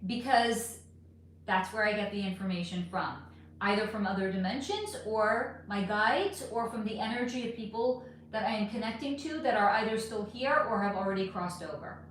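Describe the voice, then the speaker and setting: A woman's voice: mid-range voice, moderate pace, a little hiss or hum. Woman livestreaming in a very echoey room. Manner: frank and casual, swears freely, trails off with fillers; putting on makeup while talking. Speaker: livestream host reading chat questions. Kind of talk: casual livestream chat. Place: at home.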